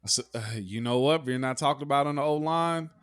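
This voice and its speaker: A former football lineman co-hosts a sports podcast, emphatic and animated, often checking in with rhetorical questions. His voice sits fairly high for a man and is recorded dry and close. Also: brisk, clean tone, no echo. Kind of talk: casual sports chat.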